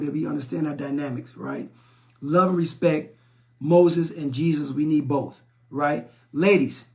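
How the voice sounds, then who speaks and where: A middle-aged relationship talk show host from Chicago's South Side is live-streaming, reading viewer comments aloud and responding to them. For a man his voice sits fairly high and carries a gravelly rasp. He's blunt and preachy, and he frequently repeats words and trips over them.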